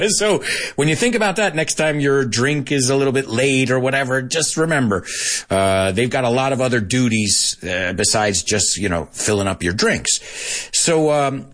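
Male podcast teacher, husky, very animated pitch, laughs a lot. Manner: animated, sings snippets and switches into Spanish; laughs often. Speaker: English teacher podcast host. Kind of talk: casual podcast lesson.

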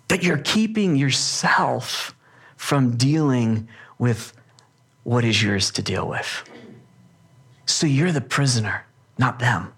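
A man's voice: mid-range voice, lively intonation, slow, vocal fry, long pauses, a bit bright, slightly rough. A man preaching a sermon to a live audience, earnest and emphatic, often restarting his sentences. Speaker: pastor. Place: church or hall with a live audience.

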